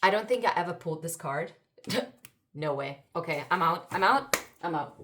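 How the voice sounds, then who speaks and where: Excitable woman reading spiritual cards. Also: on the low side, normal speed, noisy background. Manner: excitable, exclaiming, swings between murmuring and loud. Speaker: spiritual card reader. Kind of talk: intuitive card reading to viewers.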